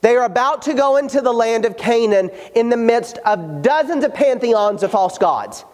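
A pastor preaching a sermon, earnest and emphatic, slowing down to stress the scripture he quotes. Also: very high-pitched, lively intonation, a little mellow. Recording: hall reverb.

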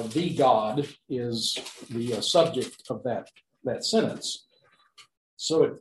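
A man's voice: mid-range voice, slight background noise. Man teaching Bible Greek, echoey room. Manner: halting, frequent fillers and restarts, rhetorical questions. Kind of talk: unscripted Greek grammar lecture.

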